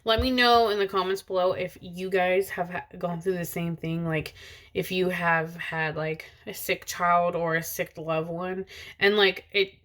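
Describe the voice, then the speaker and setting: Woman vlogging, slow unhurried talk, rambling with fillers, casual and personal. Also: fairly low pitch, steady tone, fairly bright tone. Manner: rambling, many fillers and restarts. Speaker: vlogger, mother of two. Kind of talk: casual personal vlog chat. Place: in a car, driver's seat.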